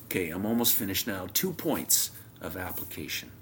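A man preaching a sermon, telling a homely story, his voice swinging from loud emphasis down to near whispers. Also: sits low, very animated, normal speed, a little hiss or hum.

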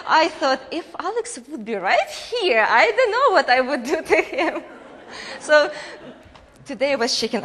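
A Ukrainian woman from Ukraine speaking to a church congregation, telling lively stories, laughing and acting out voices as she goes. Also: high-pitched, measured pace, big-room sound. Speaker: guest speaker at a church, interpreting for her husband. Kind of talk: storytelling testimony to a congregation.

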